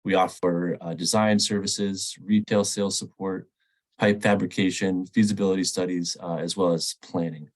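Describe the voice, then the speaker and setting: A man's voice: low voice, fairly even intonation, moderate pace, poor audio. A man hosting a sales webinar with a stuffy, nasal voice from a cold, talking casually with many ums and uhs. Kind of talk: webinar presentation.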